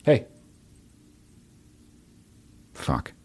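A man's voice: very slow, no echo. Profane ranting man, dry close sound. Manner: heated, swears constantly, bursts of shouting. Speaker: livestreamer reading chat. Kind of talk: profane livestream rant.

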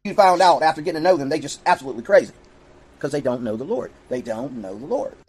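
High-pitched man preaching insistently. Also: animated, fast talker, a little mellow, slightly rough, low-quality recording. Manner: insistent, repeats questions. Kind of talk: preachy monologue.

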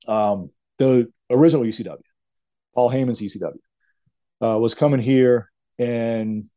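A middle-aged man spins long, rambling stories in an interview. His voice is warm and mellow, and his manner is casual and animated, with plenty of "man" and "dude" along the way. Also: mid-range voice, dry recording. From Louisiana. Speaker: retired wrestler, guest. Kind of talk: interview storytelling.

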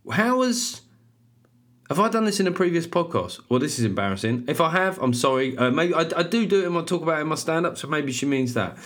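A man, hosting his podcast in a loud, animated, self-mocking comic monologue with plenty of swearing. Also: on the high side, fairly quick. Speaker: podcast host and stand-up comedian.

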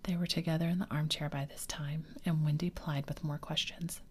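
Woman whispering a storybook, breathy and low. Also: flat delivery, darkish tone. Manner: slow, soothing, unhurried. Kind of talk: whispered ASMR story reading.

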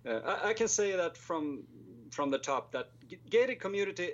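A man's voice: high-pitched, lively intonation, moderate pace, highs cut off. A man in his twenties with a Swedish accent, a guest filmmaker chatting casually and self-deprecatingly, hesitant, with lots of fillers. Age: 20s. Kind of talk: casual chat.

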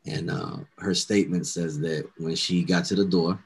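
A young man hosting a casual chat, telling a profane story and loudly acting out what everyone said. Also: sits low, moderate pace, breathy edge. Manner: profane, animated storyteller, acts out quotes loudly.

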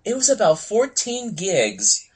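A man's voice: sits high, huge pitch swings, takes it slowly, crowd noise. A young man co-hosting a casual gaming podcast, rambling with lots of fillers and laughing often. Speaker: podcast co-host.

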